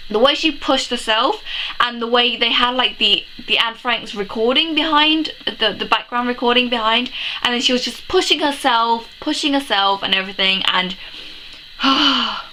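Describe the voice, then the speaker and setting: A young woman gushes through a casual film review, sniffly from crying and rambling from one exclamation to the next. Her voice is bright and sits a little high. A faint hiss runs behind her. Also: moderate pace, low-quality recording. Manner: gushing, rambling, exclaims often, laughs through tears.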